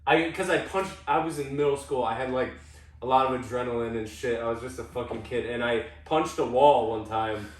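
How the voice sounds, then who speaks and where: A man's voice: medium pitch, a little fast. Rambling young man in an echoey room. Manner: rambling, self-interrupting, swearing freely. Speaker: podcast co-host. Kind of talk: casual storytelling chat. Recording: roomy sound from a distant mic.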